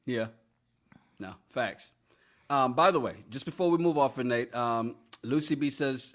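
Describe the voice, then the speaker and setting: A man's voice: mid-range voice, measured pace, fairly bright tone. A man co-hosting a casual podcast, reading live chat comments aloud and laughing often. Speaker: podcast co-host.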